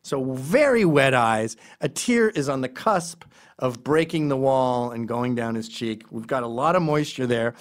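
A man telling a long comic story, rambling and profane and dropping deadpan asides. His voice sits in a middle register, and the delivery is loose and conversational. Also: medium pitch, measured pace. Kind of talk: comedic storytelling monologue.

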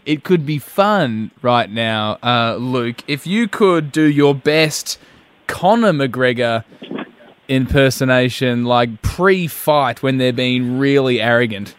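A man's voice: mid-range voice, slow, smooth. A man hosting a radio show, telling stories with energy and banter. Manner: energetic, storytelling. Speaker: radio host. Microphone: studio microphone.

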